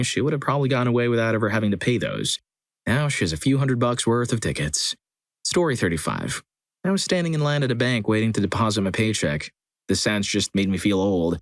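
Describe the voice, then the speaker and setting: Male narrator with a low voice and a dry, close sound, reading scripted stories at a steady pace. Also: no echo. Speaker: story channel narrator.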